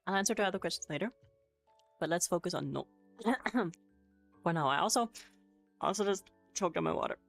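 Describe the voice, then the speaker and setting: A woman's voice: fairly low pitch, lively intonation, a little fast, pauses often. A woman streaming a casual Japanese lesson on a headset, answering chat with giggles and swearing. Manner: giggly, swears, chatty and loose. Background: faint music playing.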